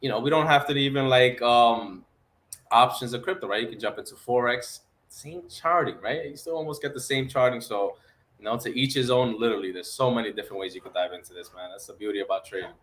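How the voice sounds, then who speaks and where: A man's voice: medium pitch, fast, a bit bright. A man co-hosting a casual podcast, talking in a coaching way and ending lines with "man" and "right?". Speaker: podcast co-host. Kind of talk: casual chat about the stock market.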